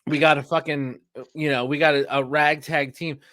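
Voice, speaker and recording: A man's voice: on the high side, level tone, normal speed, a bit bright, no echo, clean studio sound. A man, co-hosting a podcast and ranting heatedly about sports with plenty of profanity. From Philadelphia. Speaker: podcast co-host. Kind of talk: casual sports chat.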